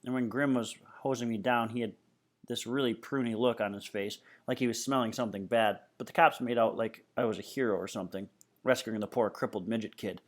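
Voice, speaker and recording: A man's voice: medium pitch, steady tone, fairly quick. A man reading a novel aloud in a casual, first-person storytelling way. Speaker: reader.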